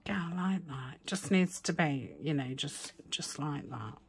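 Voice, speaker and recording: A woman chatting casually while crafting, rambling with many fillers and dropping into soft whispered asides. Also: sits low, animated, measured pace, creaky, slight background noise. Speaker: crafting vlogger.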